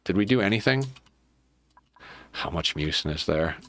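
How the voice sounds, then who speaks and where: A man's voice: deep voice, animated, moderate pace, a bit bright. A man streaming a colony-building game, talking to himself in a casual, muttering way as he plans and fixes things. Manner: muttering to himself while planning. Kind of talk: casual gameplay commentary.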